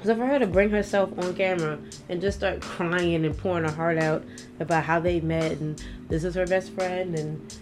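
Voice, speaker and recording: A young adult woman co-hosting a podcast in casual chat, brash and profane, laughing often and mocking people in silly voices. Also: fairly low pitch. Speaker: podcast co-host.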